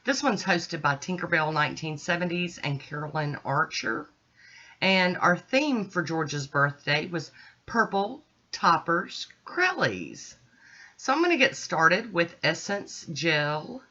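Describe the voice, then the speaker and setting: A middle-aged woman hosting a nail art channel, calmly talking through each step of her manicure in a relaxed, chatty way. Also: lowish voice, unhurried. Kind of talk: casual tutorial narration. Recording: dull lo-fi sound.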